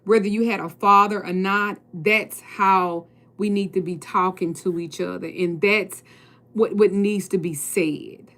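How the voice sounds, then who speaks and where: A woman's voice: mid-range voice, fairly even intonation, unhurried, a bit bright. A woman tarot reader and spiritual coach speaking casually and bluntly to her viewers, preaching and swearing freely.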